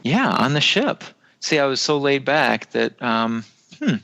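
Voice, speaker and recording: A man's voice: mid-range voice, sing-song, measured pace, creaky, sharp tone. Hesitant, self-deprecating man on a podcast. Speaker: podcast co-host. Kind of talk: casual chat.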